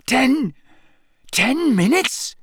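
A man voices a frantic teenage boy wizard who speaks in a panicked, breathless rush. The exaggerated voice is high, pitched above his natural range, with big pitch swings and a slightly slow pace, recorded cleanly in a studio with no room sound.

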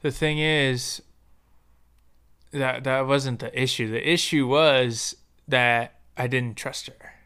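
Young man, podcast host, candid storytelling, profane slang, bright tone, smooth voice. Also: mid-range voice, slow pace. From United States. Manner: profane, slangy, animated when quoting others.

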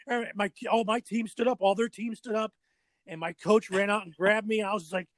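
Middle-aged male guest, animated yarn-spinner who acts out the other voices, slightly high voice, dry close sound. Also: fast, no room sound. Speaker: guest, drummer and former pro skateboarder. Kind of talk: casual storytelling interview.

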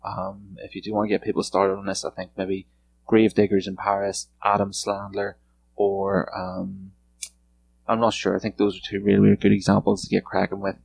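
A low, gravelly-voiced man talks alone on his podcast, drifting from point to point. He swears freely and stays laid-back, with very little lift in his pitch. Faint noise sits under the recording. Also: monotone, moderate pace, a little mellow, rough recording. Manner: rambling, profane and laid-back. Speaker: podcast host. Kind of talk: solo podcast chat. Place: home room.

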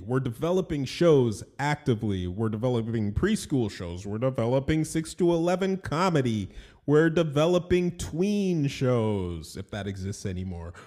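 A man's voice: medium pitch, warm tone. A man hosting his own podcast in a casual, rambling monologue, often laughing at himself. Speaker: podcast host and animation studio owner.

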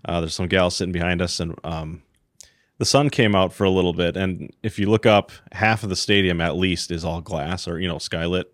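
Low-voiced, hoarse male podcast co-host. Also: steady tone, a little fast, no room sound, clean studio sound. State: hoarse from screaming. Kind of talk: casual podcast chat.

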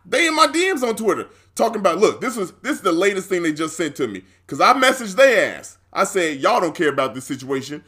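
A man's voice: sits high, very animated, quick pace, hardly any pauses, sharp tone, slightly rough. A man co-hosting a podcast, telling a story in casual chat, acting out the others' lines, laughing often and swearing freely. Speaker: podcast co-host.

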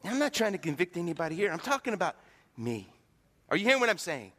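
A man's voice: high-pitched, big pitch swings, fast, fairly bright tone. A middle-aged man preaching a folksy, joking sermon, acting out the voices he quotes. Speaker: pastor. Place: church sanctuary. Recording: reverberant hall.

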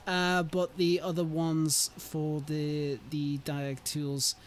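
A man's voice: fairly high pitch, completely flat delivery, takes it slowly, slight background noise. A man hosting a casual livestream chat, rambling and hesitant, with frequent laughs. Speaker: streamer hosting a modding chat.

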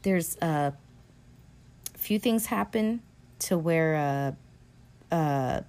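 A woman's voice: deep voice, expressive, very slow, a little mellow. A woman hosting a podcast, recapping a film in a rambling, casual way with lots of fillers and swearing. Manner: rambling, profane, filler-heavy. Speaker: podcast host.

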